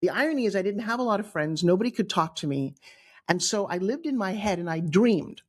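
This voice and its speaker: A middle-aged woman from New York with a New York accent, telling her own life story on a podcast in an animated way, acting out the people she quotes. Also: mid-range voice, fairly quick. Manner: animated, acts out quoted voices, frequent restarts. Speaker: guest storyteller.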